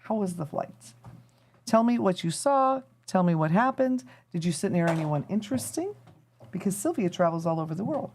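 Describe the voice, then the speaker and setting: Woman rambling to her live chat while fiddling with stuff, warm low-key tone. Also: expressive, fairly quick, slight background noise. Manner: chatty and rambling, thinking aloud while tinkering. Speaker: live-stream host. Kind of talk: casual chat to a live audience.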